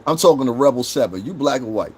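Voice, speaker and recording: Middle-aged male streamer, mid-pitched voice, blunt and abrasive, trash-talks his chat with nonstop swearing. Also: expressive, quick pace, darkish tone, a little hiss or hum. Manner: confrontational, mocking, swears constantly. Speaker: livestream host. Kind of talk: profane live-stream rant answering chat.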